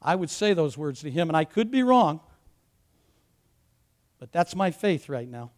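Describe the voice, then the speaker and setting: A man with a notably high voice delivers a sermon. He shifts between quiet, conversational asides and emphatic, building declarations that swell toward shouts, with touches of self-mocking humor. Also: very animated, measured pace, long pauses. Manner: emphatic preaching, rising to shouts. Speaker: pastor.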